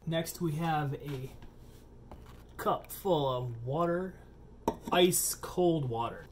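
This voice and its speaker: Chatty, goofy cooking host. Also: male voice, on the high side, animated, very slow, a little hiss or hum. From Lower Peninsula of Michigan. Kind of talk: casual cooking vlog.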